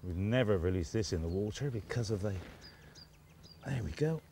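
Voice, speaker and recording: A man's voice: fairly low pitch, lively intonation, moderate pace, vocal fry, dark tone, slight background noise. A man presenting a fishing show outdoors on a riverbank, talking with admiring enthusiasm, half to himself. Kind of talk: casual outdoor presenting to camera.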